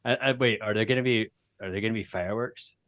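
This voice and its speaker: A man's voice: lowish voice, quick pace, fairly bright tone, dry recording, clean studio sound. A man playing a tabletop game, chatting casually and hesitantly, often restarting himself. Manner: hesitant, self-interrupting. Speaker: player.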